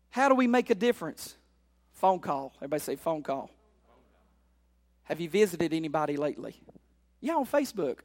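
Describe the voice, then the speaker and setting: High-voiced man preaching a sermon. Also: in a large hall. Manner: emphatic call-and-response preaching, repeats phrases, builds to shouts. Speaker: pastor.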